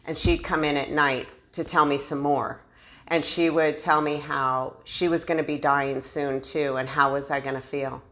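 Woman w a low voice sharing her recovery story, frank, laughs at herself a lot. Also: level tone, normal speed, a bit bright. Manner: candid and self-deprecating, laughs often. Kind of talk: personal storytelling.

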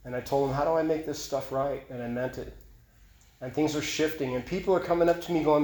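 A man's voice: on the high side, fairly even intonation, fairly quick, darkish tone. A man giving an earnest, confessional personal testimony at a recovery meeting, often repeating and restarting his phrases. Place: meeting room. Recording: echoey meeting room.

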